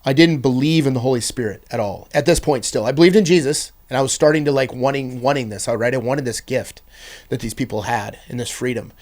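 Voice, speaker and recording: A man, a podcast guest, telling his personal testimony in an earnest, intense way, swinging between loud bursts and hushed passages. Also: mid-range voice, fast talker.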